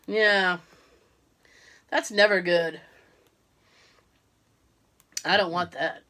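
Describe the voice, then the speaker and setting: A woman's voice: fairly low pitch, extremely slow. A woman co-hosting a casual podcast, sick with a cough, telling a story with lots of laughs and quoted voices. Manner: animated storytelling, acting out quotes, laughing often. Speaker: podcast co-host. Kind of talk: casual chat.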